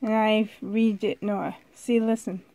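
A woman vlogging casually from a dim room at home, chatty and excitable, sometimes dropping to a whisper, filmed on a handheld camera. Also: medium pitch, unhurried. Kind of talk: casual vlog chat.

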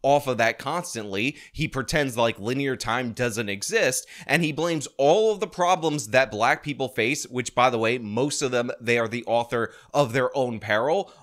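A man's voice: mid-range voice, a bit bright. Indignant, sarcastic male commentator. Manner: indignant, sarcastic, rapid ranting. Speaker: political commentary host. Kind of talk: opinion commentary vlog.

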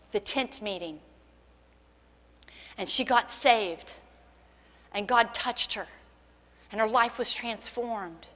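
A woman's voice: a little high, fairly bright tone. Impassioned woman preacher in an echoing hall. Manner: impassioned preaching, voice rising to cries in acted quotes. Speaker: pastor. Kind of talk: sermon. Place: church sanctuary.

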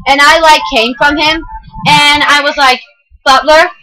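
A woman's voice: high voice, steady tone, a little slow, pushed and bright, low-quality recording. A young female gamer rambling through let's play commentary with lots of fillers.

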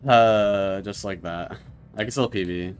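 A young man commenting on his own live speedrun, mostly muttering quiet asides and sometimes swearing loudly. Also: deep voice, moderate pace, faint music behind. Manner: quiet, mumbled asides with sudden loud frustrated swearing. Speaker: speedrunner streaming his run.

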